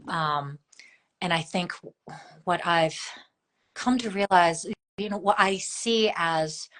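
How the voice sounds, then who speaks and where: A woman's voice: on the low side, fairly bright tone. A woman in her thirties, a guest in a conversational interview, talking in a thoughtful, meandering way with many fillers and restarts.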